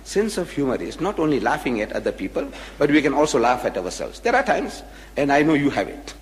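Animated male lecturer in a reverberant hall. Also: medium pitch, fairly quick. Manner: animated storyteller, acts out the voices. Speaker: public speaker. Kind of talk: anecdotal public lecture.

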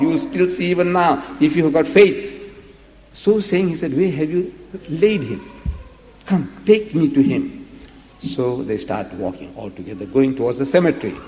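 A preacher with a fairly high, mellow voice gives an emphatic, dramatic religious lecture packed with rhetorical questions. The recording is dull and lo-fi, captured in a reverberant hall.

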